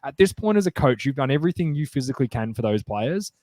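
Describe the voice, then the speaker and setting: A male podcast co-host in casual sports chat, rambling and excitable, full of fillers and restarts. His voice sits mid-range and sounds dry and close to the mic. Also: medium pitch, quick pace, no room sound.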